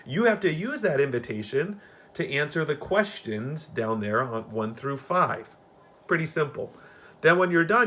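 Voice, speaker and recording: A man's voice: medium pitch, fairly bright tone. A male elementary teacher talking through the day's assignments for remote students, patient and plain, with fillers and restarts. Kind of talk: recorded remote class instructions.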